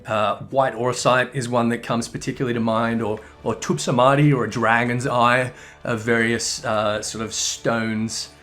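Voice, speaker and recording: A man's voice: medium pitch, level tone, normal speed, fairly bright tone, faint music behind. A man giving casual, rambling gameplay commentary, swearing and correcting himself as he goes. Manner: rambling, profane, self-correcting. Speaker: game commentator.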